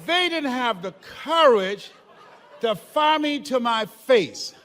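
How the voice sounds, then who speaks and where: An older man delivers a motivational speech in a very high, lively voice that swings up and down. He tells stories with emphasis, often shouting and laughing. A long reverb trails his words through the large hall. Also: takes it slowly, a faint crowd. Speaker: motivational speaker. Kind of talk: motivational speech to a live audience.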